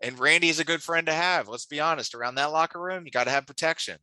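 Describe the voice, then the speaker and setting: A man's voice: on the high side, quick pace, pushed and bright, dry recording, low-quality recording. A man co-hosting a casual wrestling chat, enthusiastic and teasing, often restarting his sentences. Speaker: podcast co-host.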